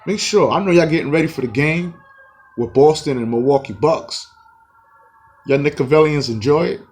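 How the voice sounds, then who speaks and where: A man giving a profane, taunting basketball rant as a vlog host, with a husky voice. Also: moderate pace. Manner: profane, boastful, taunting, swings loud and high. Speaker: sports vlogger.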